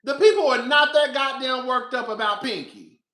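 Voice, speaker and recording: Bright, over-the-top dramatic man. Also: extremely high pitch, moderate pace, reverberant, rough recording. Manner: over-the-top and dramatic, swings from hollering to whispering; profane, chatty, calls listeners "girl". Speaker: TV recap vlogger. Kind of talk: reality TV review commentary.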